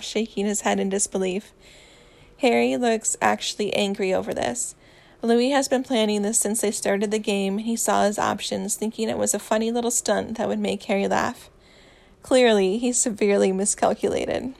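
A woman reading fan fiction aloud in an expressive storytelling voice. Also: medium pitch, normal speed, vocal fry. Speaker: reader.

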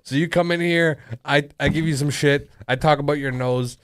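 A man's voice: a little high, steady tone, moderate pace, fairly bright tone, no echo, studio quality. A young man hosting a casual talk show, teasing his friend with profane jokes and frequent laughter. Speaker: podcast host. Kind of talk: casual banter.

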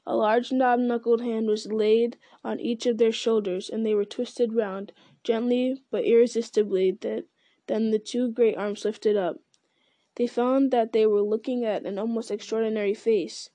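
A woman reading a novel aloud in a steady, unhurried storytelling manner. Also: a little high, dry recording. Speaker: reader.

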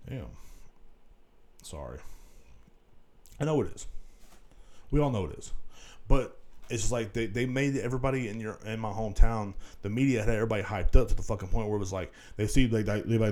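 A man's voice: mid-range voice, expressive, brisk, pauses often, dark tone. A man hosting a solo podcast, rambling casually with lots of swearing and filler phrases. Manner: rambling and profane, full of "you know what I'm saying". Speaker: podcast host.

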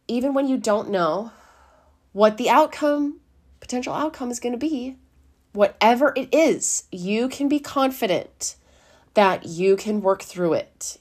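A woman, a life coach giving a gentle, encouraging talk with a slightly dry throat, who laughs often and acts out inner voices. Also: mid-range voice. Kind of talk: casual motivational talk.

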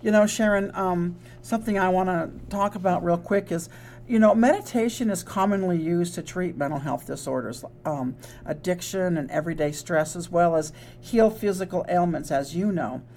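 This is a woman hosting a relaxed wellness talk in a somewhat low voice. She talks earnestly, stumbling and restarting with fillers as she explains ideas. A faint hum sits behind her. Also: moderate pace. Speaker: co-host, psychologist. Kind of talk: casual podcast chat.

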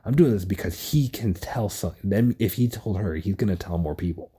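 A young man alone at home, recording a casual solo rant on his phone, rambling excitedly and swearing often. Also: deep voice, moderate pace, breathy edge. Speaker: podcast host. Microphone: phone recording app.

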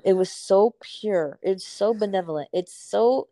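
A woman's voice: mid-range voice, a little slow, warm tone, dry recording. A woman speaking as a purpose coach in a casual podcast conversation, effusive and emphatic, swearing casually.

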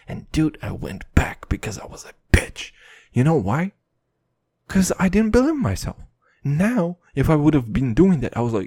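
A man's voice: a little high, normal speed, breathy edge, dry recording, studio quality. A man rambling through profane stories in a casual late-night monologue, laughing now and then. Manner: animated, laughing between lines. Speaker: vlogger.

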